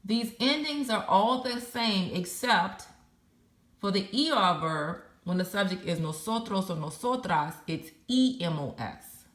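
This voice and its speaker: A woman's voice: medium pitch, animated, measured pace, a bit bright, echoey room. A woman teaching a recorded Spanish lesson, patiently spelling out verb endings letter by letter.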